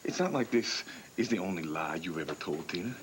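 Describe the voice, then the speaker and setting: A man's voice: low voice, lively intonation, a little fast, slight background noise, poor audio. A man playing a betrayed husband in a TV soap opera, accusing and harsh, who keeps repeating his wife's name. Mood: bitter anger. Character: bitter betrayed husband back from abroad. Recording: broadcast TV audio with music underneath.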